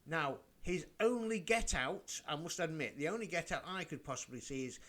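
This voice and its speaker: A man's voice: on the high side, lively intonation, moderate pace, a bit bright. A man in a rambling, casual rant, full of fillers and restarts. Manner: rambling, chatty, self-interrupting with many fillers. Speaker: vlogger. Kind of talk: casual ranting commentary.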